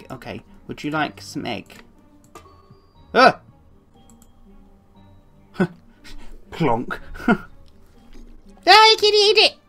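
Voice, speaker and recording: A low-pitched woman gives live gameplay commentary, her voice swooping up and down as she chats. She coos at the cats on screen and giggles as she goes. Faint game music plays behind her. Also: husky. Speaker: streamer playing a puzzle game.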